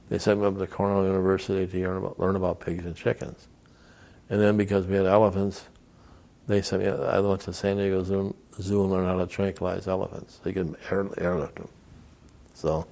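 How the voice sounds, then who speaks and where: Older man with a deep gravelly voice. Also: darkish tone. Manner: rambling anecdotes acting out quoted voices. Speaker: veteran interviewee. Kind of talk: oral history storytelling.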